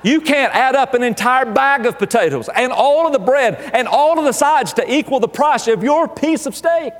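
Male pastor with a high voice, comic sermon, emphatic and animated, long hall reverb. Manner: animated, emphatic, building to exasperated outbursts. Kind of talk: humorous sermon storytelling.

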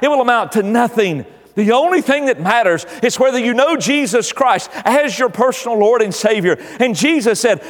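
A man's voice: extremely high pitch, big-room sound. An older man preaching a sermon as pastor, his delivery swelling and dropping in volume. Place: church.

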